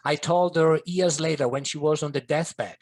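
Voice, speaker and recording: A man's voice: a little high, fairly even intonation, normal speed. A middle-aged man, a podcast guest and coach, telling a personal story in an earnest, vivid way. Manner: earnest, vivid, slips in Italian and French phrases.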